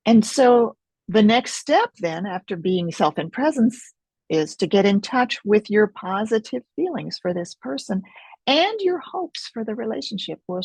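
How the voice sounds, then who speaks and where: A middle-aged woman leading an experiential teaching webinar in a gentle, reflective way, pausing often, over a video call mic. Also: mid-range voice, creaky, slightly rough, dry recording. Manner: gentle, reflective, unhurried with pauses. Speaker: Focusing teacher.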